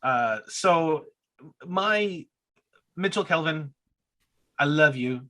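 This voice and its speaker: A man's voice: a little high, expressive, very slow, sharp tone. A man co-hosting a podcast, telling a story in a casual, hesitant way. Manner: storytelling, hesitant with many restarts. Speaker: podcast co-host. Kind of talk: casual chat.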